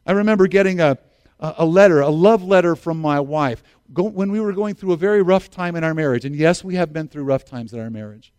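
Middle-aged male pastor with a high voice, dry and close; earnest preacher who repeats his key lines. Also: a little fast, darkish tone, clear, resonant tone, no echo. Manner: earnest, repeats key phrases, asks congregation to respond. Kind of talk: sermon.

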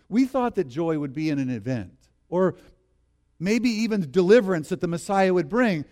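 A man preaching a sermon in an animated way, reading scripture with laughter and leading the congregation in repeating lines. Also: sits high, moderate pace. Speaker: pastor.

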